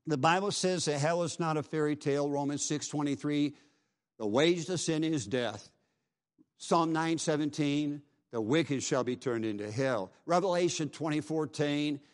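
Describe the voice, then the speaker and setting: A middle-aged preacher delivers a revival sermon in a voice pitched a little above the usual for a man. He presses every point with urgency and drives it home through repetition. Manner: fervent, urgent preaching with repeated phrases.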